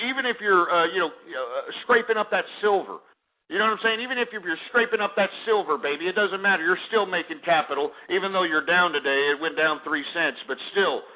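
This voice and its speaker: A man hosting a radio show, delivering ranting market commentary in a profane, fired-up manner. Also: sits high. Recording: tinny phone-like audio.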